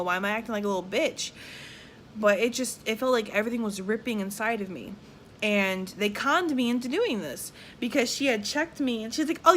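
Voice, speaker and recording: A woman's voice: medium pitch, slight background noise. A young woman with a Southern US accent, telling her own story casually and bluntly, often swearing and acting out what other people said. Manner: candid and blunt, with frequent profanity; animated, acts out quoted people. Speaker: vlogger.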